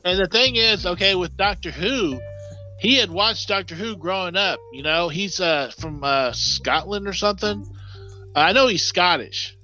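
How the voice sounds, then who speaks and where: A man's voice: high voice, unhurried, pushed and bright. A man co-hosting a podcast, talking in a rambling, enthusiastic way with lots of fillers. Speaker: podcast co-host. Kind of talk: casual chat. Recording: dull lo-fi sound with faint music.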